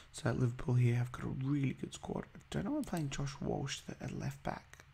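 Gravelly, mellow man commentating a game. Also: medium pitch, huge pitch swings, moderate pace. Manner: chatty, hesitant, many ums. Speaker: gaming video host. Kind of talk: casual gameplay commentary.

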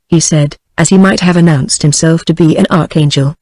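A British woman narrating a storybook in a steady, even text-to-speech reading. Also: low voice, normal speed, hardly any pauses, no room sound, rough recording. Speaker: audiobook narrator. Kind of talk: scripted narration.

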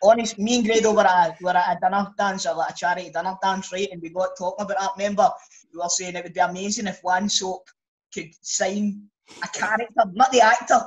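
A man's voice: sits high, steady tone, fast. A man with a Scottish accent, a co-host who is blunt and swears freely in casual banter.

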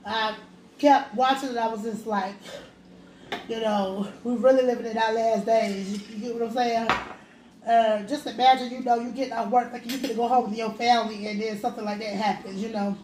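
High-pitched earnest woman in an echoey room. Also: steady tone, brisk, a little mellow. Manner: earnest, heartfelt, rambling. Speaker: host. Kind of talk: casual mukbang chat. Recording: echoey room with light noise.

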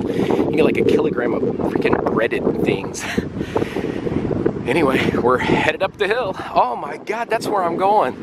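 A man in his forties from the United States, chatting casually and excitably as he walks and vlogs outdoors, out of breath on a climb. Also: a little high. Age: 40s. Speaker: travel vlogger. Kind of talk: casual walking vlog. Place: outdoors in a windy town and hillside. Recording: wind noise on outdoor mic.

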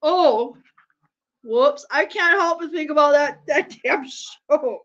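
Woman host, high and unhurried, rambling giggly chat on a dull lo-fi stream. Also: fairly bright tone. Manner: rambling, laughs often, swears freely. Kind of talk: casual chat while watching a game. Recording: dull lo-fi sound.

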